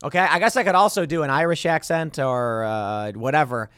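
Guy from chicago reacting to clips, sarcastic and fired up, kinda high voice, dry sound. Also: brisk, fairly bright tone, dry recording. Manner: sarcastic, indignant commentary. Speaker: political commentary host.

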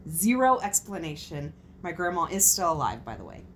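A woman with a lowish voice hosts a casual talk show at a moderate pace, with slight background noise. She reads out listener stories and reacts expressively, swearing freely and laughing at her own jokes.

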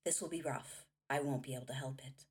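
Woman reading a romance hero's lines, low and gritted, kinda husky, audiobook feel. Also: fairly quick. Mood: intense. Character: intense, commanding romance hero man.

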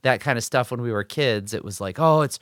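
A man's voice: fairly low pitch, a little fast, a bit bright, dry recording, studio quality. A man in his forties co-hosting a podcast, telling stories in a rambling, filler-heavy casual chat. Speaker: podcast co-host.

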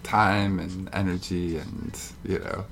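A man's voice: low voice, steady tone, takes it slowly, creaky, a crowd in the background. A man co-hosting a podcast in casual chat, easygoing and agreeable, laughing a lot. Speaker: podcast co-host. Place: New York.

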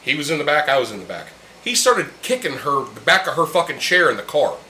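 A fast-talking man with a slightly high, very animated voice and a bright, forceful tone hosts a casual podcast. He's drinking beers with friends in a room, speaking bluntly and heatedly with heavy profanity, and the recording has a roomy echo and a faint hum.

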